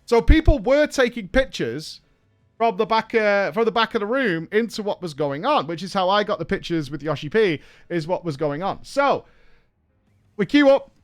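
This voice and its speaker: High, smooth-voiced man telling stories. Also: normal speed, soft background music. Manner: animated, laughing, swears casually. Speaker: streamer host. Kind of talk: casual storytelling chat.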